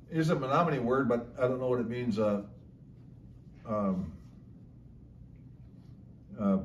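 Explaining local slang words in a relaxed way, this medium-pitched man talks slowly and chuckles frequently, stretching out his storytelling. The audio sounds dull, with slight background noise, an echoey room and a somewhat distant mic.

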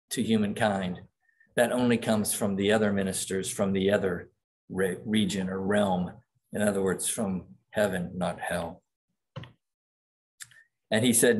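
A man's voice: fairly low pitch, fairly even intonation, a little slow. Man preaching a sermon, dramatic readings. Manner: reads quoted passages aloud with dramatic emphasis. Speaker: pastor.

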